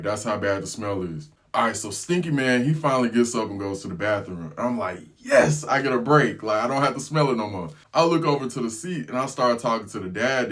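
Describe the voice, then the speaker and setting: A man telling a storytime vlog in a casual, slangy way. He tells it with animated energy and breaks into laughter. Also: fairly low pitch. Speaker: travel vlogger.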